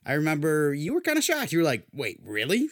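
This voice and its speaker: A man's voice: fairly high pitch, very animated, fast talker. A young man hosting a casual sports podcast, his voice worn down, joking loosely and pushing himself to sound hyped. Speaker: podcast host.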